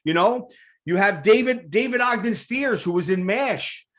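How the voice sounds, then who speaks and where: A man's voice: high-pitched, animated, moderate pace, fairly bright tone. A man hosting a talk show, chatting eagerly with a guest and rambling with repeated words. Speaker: radio show host. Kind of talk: enthusiastic casual interview.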